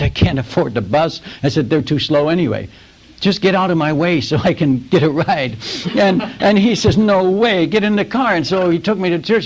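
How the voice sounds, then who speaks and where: A man preaching a sermon as an animated storyteller who acts out the other people's lines in his own telling. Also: medium pitch. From United States. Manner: animated storyteller acting out dialogue.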